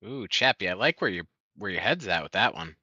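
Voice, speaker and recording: A man with a lowish but very bright, cutting voice chats eagerly with friends. He throws out ideas in an upbeat way, and the sound is close and dry with no room around it. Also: lively intonation, brisk, breathy edge, no echo, muffled recording. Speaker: game server admin. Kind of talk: casual chat.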